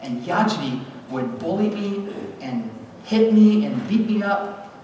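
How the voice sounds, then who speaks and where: A man giving a personal testimony at a church gathering, telling his story in an animated way and acting out voices. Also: sits high, unhurried, slight background noise. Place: church hall event. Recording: echoey hall recorded from far off.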